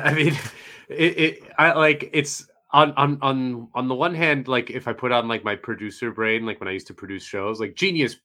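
A man's voice: lowish voice, sharp tone. A man co-hosting a podcast, rambling with many fillers in laid-back casual talk. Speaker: podcast co-host. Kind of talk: casual chat.

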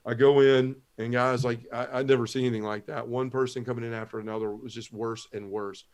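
A man's voice: medium pitch, steady tone, fairly quick, darkish tone. A middle-aged man giving an earnest personal testimony as a guest on a talk show, telling his story step by step and acting out the lines of others. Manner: earnest storytelling, Southern turns of phrase, acts out quoted lines. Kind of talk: personal testimony in a podcast interview.

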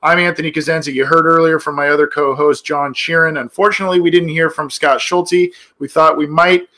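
A male podcast host in loose, casual sports talk, full of ums and restarts. His voice is bright and forward, and it sits a little above the usual male pitch. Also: steady tone, brisk. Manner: chatty, many fillers and restarts.

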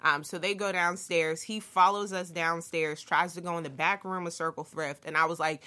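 A young woman telling a story in casual chat, animated and swearing freely as she acts out what people said. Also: on the low side, moderate pace, hardly any pauses.

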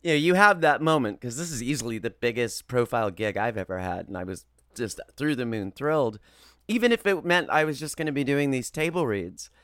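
Guy actor on an interview, animated storyteller, dry close mic. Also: medium pitch, fairly quick, no room sound. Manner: expressive, lively retelling with playful voices. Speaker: voice actor guest.

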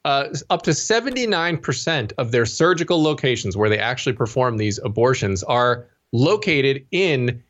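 A man's voice: medium pitch, very animated, moderate pace, few pauses, fairly bright tone. A man appearing as a guest on a political talk podcast, speaking animatedly and acting out quoted voices. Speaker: guest, managing editor. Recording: slightly dull remote audio.

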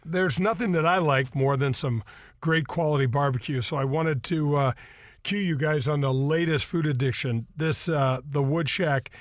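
A man's voice: on the high side, normal speed, no echo. A man hosting a golf radio show, chatting in a rambling, casual way with lots of fillers. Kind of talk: casual radio talk with live sponsor reads. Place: radio studio. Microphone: studio microphone.

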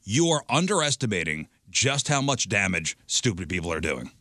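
A man's voice: lowish voice, sing-song, normal speed, bright, forceful tone. A man co-hosting a radio show, animatedly recounting what he read and watched. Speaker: radio co-host. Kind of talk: casual chat.

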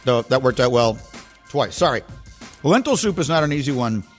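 A man's voice: medium pitch, lively intonation, normal speed, faint music behind. A man hosting a sports talk podcast, chatting casually and rambling a little, sounding slightly congested. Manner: chatty, self-deprecating, rambling.

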